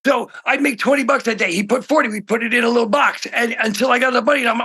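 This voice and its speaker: High, gravelly-voiced middle-aged man, excitable. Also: fast, few pauses. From Oregon. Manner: excitable storyteller, swings from shouting to hushed. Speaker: guest musician. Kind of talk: casual interview chat.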